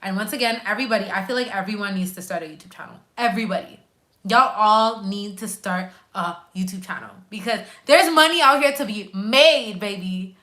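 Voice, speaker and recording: On a relaxed live stream, a Quebec nurse and YouTuber reacts to viewer comments with emphatic slang. Her mid-range voice is bright and forceful, and she talks a little fast.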